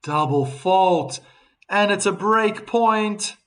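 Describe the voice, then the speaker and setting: A man with a South African accent hosting a live tennis watchalong, chatting with viewers and breaking into excited calls on big points. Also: sits high, takes it slowly. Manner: chatty, reads viewer chat messages aloud between calls. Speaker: host and tennis commentator.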